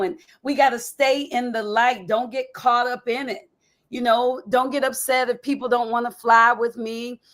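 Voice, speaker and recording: A woman hosting a podcast, talking in a lively, enthusiastic and emphatic way. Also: fairly high pitch. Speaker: podcast host. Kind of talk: casual interview talk.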